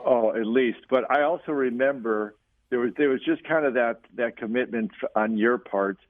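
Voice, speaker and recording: A man's voice: medium pitch, moderate pace, dry recording. A man co-hosting a golf radio show as a coach, chatting and teasing in an easygoing way. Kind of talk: casual radio chat. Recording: tinny phone line.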